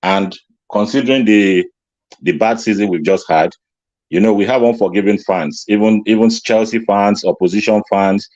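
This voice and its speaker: A man speaking as a guest on a casual live stream, laying out his views with "um" pauses. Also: lowish voice, a little mellow, no room sound, highs cut off. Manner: measured, reasoned speech with "um" pauses. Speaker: guest commentator. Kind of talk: casual chat.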